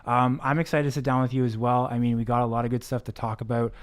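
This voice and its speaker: A man hosting an interview show, relaxed and conversational, who talks around his questions before asking them. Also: medium pitch, quick pace, clean tone. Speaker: podcast host. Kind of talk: casual interview.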